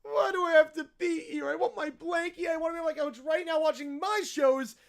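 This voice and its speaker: A man voicing an entitled little boy throwing a whining, yelling tantrum. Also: extremely high pitch, fairly quick, vocal fry.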